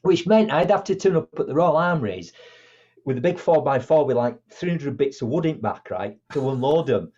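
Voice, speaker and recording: Middle-aged man, motivational speaker type, animated raconteur with a husky tone, muffled recording. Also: on the high side, normal speed. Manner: animated, acts out dialogue in different voices. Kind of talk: conversational storytelling.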